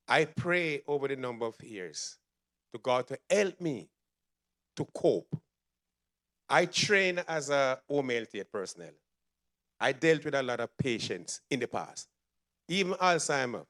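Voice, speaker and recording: A man giving a spoken testimony in a church, telling his story with animated storytelling. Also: mid-range voice, measured pace, pauses often. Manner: animated storytelling, acts out quoted voices. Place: church sanctuary.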